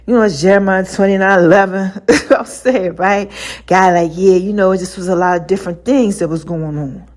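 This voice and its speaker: A woman hosting her own podcast, talking through her faith in an animated, slang-heavy way and often laughing. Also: medium pitch, normal speed. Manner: conversational slang-heavy delivery, addresses listeners directly. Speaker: podcast host. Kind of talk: casual faith talk monologue.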